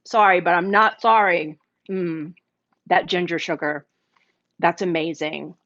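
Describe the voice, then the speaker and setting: A cooking show host with a lowish, fairly bright voice speaks a little slowly and fairly evenly while running a casual live cooking demo. She is chatty and enthusiastic, sometimes talking with her mouth full as she tastes. The livestream audio is dull and lo-fi, with no room sound.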